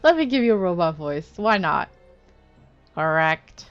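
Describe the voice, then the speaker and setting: A young woman commentating a blind playthrough of a story game, with loud, laughing reactions. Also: mid-range voice, sing-song, fairly quick, soft background music. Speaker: gaming streamer. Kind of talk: blind let's-play commentary. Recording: dull lo-fi recording.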